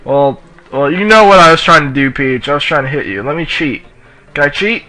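A man giving casual let's play commentary while racing, excitable and yelling at the racers in the game, with a sore throat. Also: a little high, a little fast, low-quality recording. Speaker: gamer playing on his channel.

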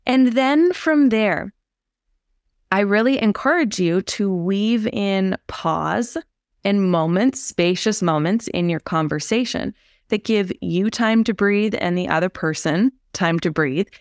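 A woman, a somatic therapist, explaining in a calm, unhurried and reflective way on a podcast. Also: medium pitch, dry recording, clean studio sound.

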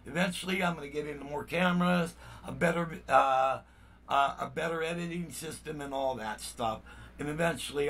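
A man's voice: on the high side, a bit bright, slightly rough, recorded from a distance. An older man, a musician hosting his own channel, talking to viewers in a blunt, rambling way, full of "you know what I mean.". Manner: heated and indignant. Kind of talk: casual vlog talk to viewers.

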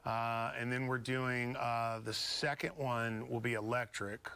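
A man's voice: medium pitch, flat delivery, measured pace, gravelly, pushed and bright, clean tone. A man from Beaumont, Texas, a guest musician telling stories in a studio interview, rambling and easygoing with many fillers. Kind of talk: casual storytelling interview.

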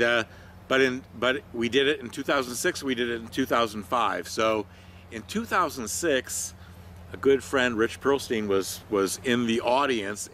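A man's voice: medium pitch, pushed and bright, a little hiss or hum. An older man who works as a training consultant, telling stories about his career in a rambling, conversational way with many fillers. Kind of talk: reflective talk to camera.

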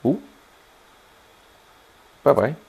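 A man's voice: very slow, a little mellow. A man narrating his own game playthrough in a rambling, chatty manner, often asking viewers for their thoughts. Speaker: gaming channel host. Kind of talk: let's play commentary.

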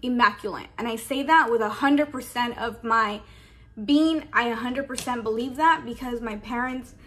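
A woman's voice: fairly high pitch, normal speed, a bit bright. Tearful young woman venting casually. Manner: emotional, holding back tears; casual, says "like" a lot. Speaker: beauty vlogger. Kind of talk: get-ready-with-me storytime.

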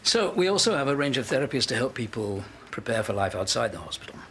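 An actor playing a courteous male hospital doctor who smoothly tries to win a colleague over. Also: medium pitch, big pitch swings, fast talker, fairly bright tone, a little hiss or hum. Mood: persuasive. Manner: smooth, persuasive. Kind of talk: TV drama acting.

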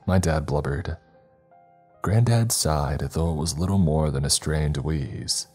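A man giving a grave, measured, scripted horror narration. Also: a bass voice, darkish tone, faint music behind.

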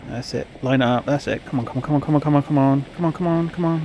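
A man giving excitable, rambling gameplay commentary, full of fillers and urgent chanting. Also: medium pitch, fast talker, slight background noise. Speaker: gaming YouTuber.

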